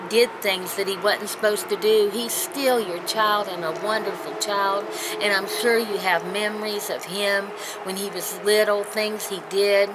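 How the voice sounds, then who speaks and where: A woman talking tearfully and earnestly to her viewers, consoling and encouraging them in a heartfelt personal talk. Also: medium pitch. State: crying. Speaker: vlogger. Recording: noticeable background noise.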